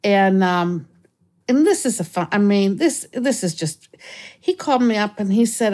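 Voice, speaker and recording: Chatty woman telling a story. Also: a little slow. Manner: animated, acts out callers with raised pitch, frequent restarts. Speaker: guest, former remote viewer. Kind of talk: casual storytelling in an interview.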